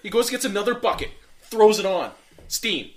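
A man's voice: high-pitched, very animated, normal speed, slight background noise. A man telling a long, rambling story in casual chat, full of fillers, restarts and swearing.

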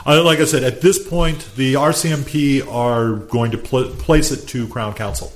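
A man telling a story in casual chat, animated, acting out quotes and laughing often. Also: mid-range voice, moderate pace.

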